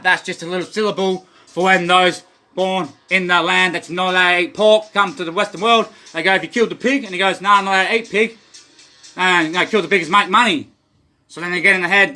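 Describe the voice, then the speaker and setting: Rambling, cursing Australian man, high bright voice. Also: fairly even intonation, a little fast, faint music behind. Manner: rambling, profane, stream-of-consciousness. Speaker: livestreamer. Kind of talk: rambling monologue.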